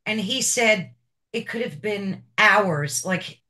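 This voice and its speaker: A woman's voice: medium pitch, slow pace, sharp tone. A woman hosting an interview show, asking her guest questions in a chatty, personal way. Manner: chatty, personal, with filler repeats. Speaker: podcast host.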